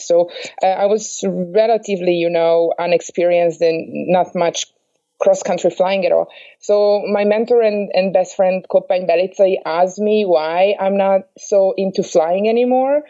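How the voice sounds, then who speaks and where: A woman who flies paragliders, a guest on a podcast, speaking in a measured, reflective way with pauses and fillers over a remote call. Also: mid-range voice, mellow, muffled recording. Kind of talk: conversational interview.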